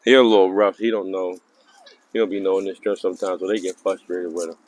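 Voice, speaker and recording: A man's voice: level tone, fast, a little mellow. Man chatting about his dogs. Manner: talks to his dogs in a high coaxing voice. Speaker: vlogger filming his dogs. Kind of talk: casual chat to viewers. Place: outdoors in a yard.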